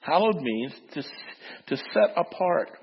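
A man's voice: fairly high pitch, sing-song, a little slow, creaky, slightly rough, in a large hall, lo-fi sound. A man preaching a sermon, telling a story and acting out its voices before making his point. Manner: storytelling, acts out voices in the anecdote. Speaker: pastor.

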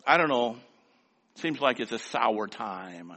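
A man's voice: mid-range voice, lively intonation, unhurried, bright, forceful tone, big-room sound. An older man preaching a sermon in a folksy, rhythmic way, with lots of repetition. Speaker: pastor.

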